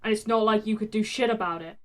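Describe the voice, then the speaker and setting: A woman voicing a gruff, foul-mouthed young male fighter who snarls sarcastic insults. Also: high-pitched, fast, a bit bright. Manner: snarling, sarcastic, swears constantly.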